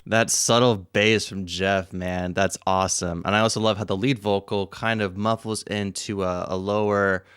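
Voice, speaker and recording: A man's voice: on the low side, steady tone, normal speed, few pauses, fairly bright tone, smooth. A man hosting a music reaction, eagerly picking apart the production of a song with lots of fillers. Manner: enthusiastic, breaks down the audio production with plenty of fillers. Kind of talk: casual music reaction commentary. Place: seated indoors at home setup. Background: faint song playing.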